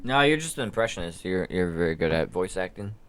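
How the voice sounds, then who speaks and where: A man's voice: low voice, animated, fast talker, smooth, no room sound, soft background music. A young man from Wisconsin, co-hosting a casual podcast, laid-back and teasing as he banters. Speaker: podcast co-host.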